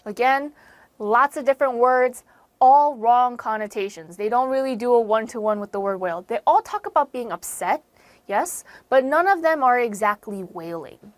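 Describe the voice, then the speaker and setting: A woman's voice: fairly high pitch, moderate pace, no room sound. An American woman teaching English vocabulary in an online lesson, explaining words patiently, repeating and rephrasing, with sudden emphatic stresses on key words. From United States.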